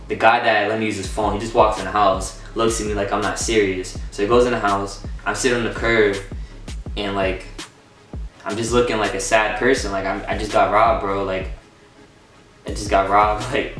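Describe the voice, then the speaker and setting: A man's voice: lowish voice, normal speed, soft background music. Young man telling a story, far off in a roomy echo. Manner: excited, swearing, acts out quotes. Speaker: vlogger. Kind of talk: storytime vlog.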